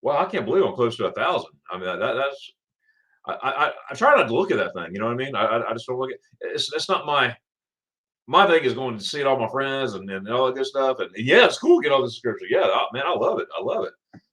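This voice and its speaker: A middle-aged man from Florida chats through a casual morning livestream, repeating words as he goes and greeting viewers one by one. His pitch rises and falls in a lively way, and he sounds friendly and loose. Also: quick pace. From Florida, USA. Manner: rambling, repeats words, greets chatters warmly by name. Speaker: livestream host.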